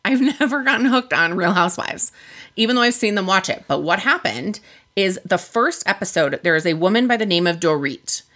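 A woman with a bright, forceful voice talks candidly in a relaxed podcast chat. She tells a long story, swears freely, and keeps the pitch mid-range. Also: fairly quick. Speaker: podcast co-host. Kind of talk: casual chat.

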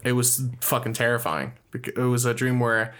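A man's voice: mid-range voice, normal speed. Swearing man telling wild dream stories. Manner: animated storytelling with heavy swearing. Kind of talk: casual chat.

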